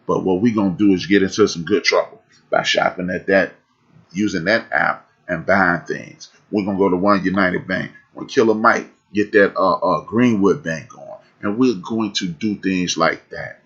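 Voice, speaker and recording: Husky deep-voiced preachy man. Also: normal speed, fairly bright tone, dull audio. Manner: fiery and preachy, repeats phrases for emphasis. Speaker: podcast host. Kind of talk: live-streamed talk.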